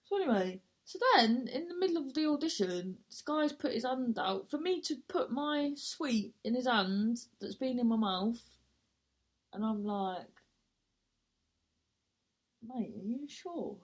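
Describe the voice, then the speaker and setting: A woman's voice: fairly high pitch, animated, measured pace. A woman, a comedian and actor, telling a rambling story with self-mocking asides and casual swearing.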